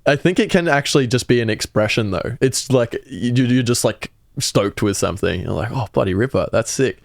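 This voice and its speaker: A man's voice: mid-range voice, normal speed, vocal fry, no echo, studio quality. A young Australian man with an Australian accent, chatting casually and swearing freely as he explains slang. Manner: laid-back, swears casually, laughs often. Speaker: podcast guest explaining slang. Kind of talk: casual chat.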